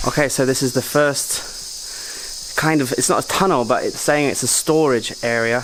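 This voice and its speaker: A man of ordinary pitch talking into a handheld camera on a travel vlog, chatty and excitable with joking asides. He is outdoors, and insects, crickets and passing traffic are clearly heard behind him. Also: normal speed. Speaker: travel vlogger. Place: outdoors on mountain roads and in a jungle park.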